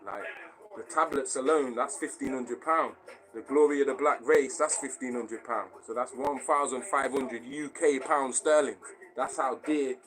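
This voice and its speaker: A man's voice: medium pitch, fairly bright tone, rough recording. A man hosting a live stream, talking casually and bluntly to his viewers, swearing often and asking again and again whether they understand. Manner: blunt and profane, often asks if you understand.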